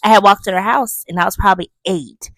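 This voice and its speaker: A woman hosting a casual movie review, chatty and animated as she retells scenes with emphatic asides. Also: mid-range voice, fast, no room sound.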